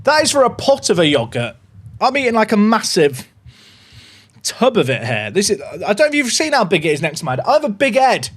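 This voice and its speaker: A young man hosting a casual livestream, chatty and excitable as he talks to his viewers. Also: high voice, brisk, slightly rough. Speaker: livestream host.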